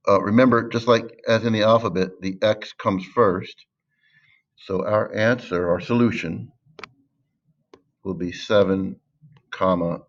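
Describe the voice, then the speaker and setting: A man's voice: deep voice, highs cut off. A man teaching math in a screen-recorded lesson, patiently stressing key words and thinking aloud with fillers.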